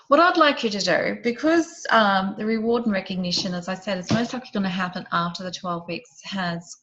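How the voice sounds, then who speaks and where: A woman leads an online group session and talks her listeners through a guided visualization. Her voice sits at a middle pitch and often drops soft and quiet between gentle questions. The audio is slightly dull and lo-fi. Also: fairly quick. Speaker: program facilitator.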